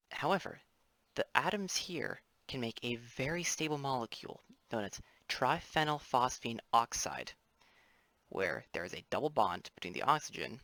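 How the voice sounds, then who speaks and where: A man's voice: mid-range voice, a bit bright, no room sound. A young man, a student, giving a casual explainer lesson over his drawings, rambling with offhand apologetic asides. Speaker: student presenter.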